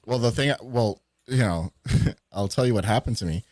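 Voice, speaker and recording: A man telling animated stories during a casual livestream chat, swearing freely as he goes. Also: on the low side, normal speed, dry recording, clean studio sound.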